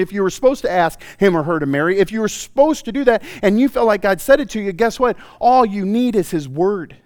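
Animated male pastor preaching, dry sound. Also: high voice, no room sound. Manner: animated storytelling, swinging from loud to hushed. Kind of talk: sermon.

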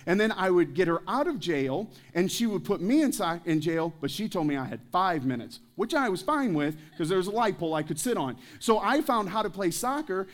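Joking pastor, slightly high voice. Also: male voice, very animated, a little fast, hardly any pauses. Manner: joking, anecdotal storytelling; addresses the congregation with questions. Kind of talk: sermon. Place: church service.

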